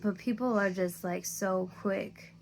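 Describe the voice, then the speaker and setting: A woman's voice: mid-range voice, fairly even intonation, unhurried, vocal fry. A woman ranting to her phone camera, tired and near tears, frustrated and swearing often. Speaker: content creator. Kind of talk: emotional rant to camera.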